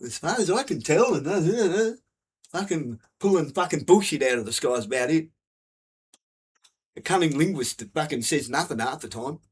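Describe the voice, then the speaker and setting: A man, his voice sitting a bit higher than most men's. He rants bluntly and keeps swearing, looping back over the same points in a hard, sweary delivery. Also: expressive, normal speed, breathy edge. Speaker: vlogger. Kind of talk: angry profane rant.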